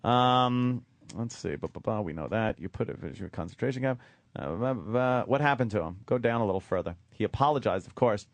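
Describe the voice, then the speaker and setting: A man's voice: lowish voice, expressive, brisk, dry recording. A man co-hosting a radio show, joking loosely and reading news aloud in casual banter.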